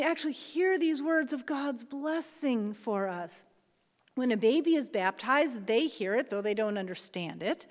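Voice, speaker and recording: A woman pastor preaching a sermon in a church, earnest, dropping to soft whispers and rising for emphasis. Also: sits high. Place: church sanctuary. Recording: long reverb of a large church hall.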